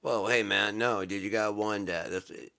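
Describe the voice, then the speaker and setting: A man's voice: fairly low pitch, fairly even intonation, normal speed, vocal fry, pushed and bright, voice pushed up. A man voicing a startled, flustered male delivery driver who talks in casual slang.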